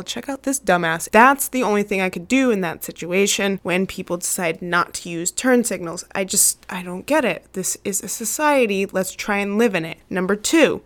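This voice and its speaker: A young adult woman hosting a casual solo podcast, ranting in a chatty, sarcastic, playful way into a studio mic. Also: medium pitch. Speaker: podcast host, ER travel nurse. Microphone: studio mic, new recording setup.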